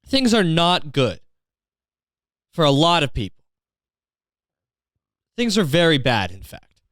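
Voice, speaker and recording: A man with a smooth, resonant voice delivers an exasperated comedic rant, swearing constantly and dripping with sarcasm. He is recorded close and dry on a podcast mic, with no room sound. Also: on the high side, wildly swooping pitch, takes it slowly, fairly bright tone, dry recording. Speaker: podcast host.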